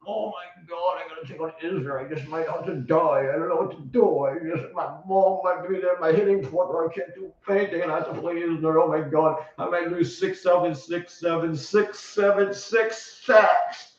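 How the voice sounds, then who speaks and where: A man's voice: on the high side, normal speed, few pauses, natural voice. A man putting on the voice of an anxious adult male tennis player, whining and fretting in a dull, roomy recording. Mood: panicky. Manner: whiny, fretful, self-pitying. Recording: roomy, distant, dull sound.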